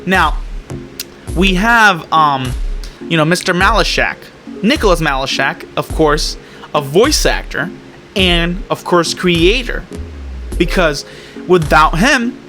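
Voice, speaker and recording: A man's voice: fairly high pitch, animated, slow, pauses often, pushed and bright, faint music behind. A man talking casually about his animation projects, rambling with plenty of fillers and restarts. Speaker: animation creator and vlogger. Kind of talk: casual vlog talk.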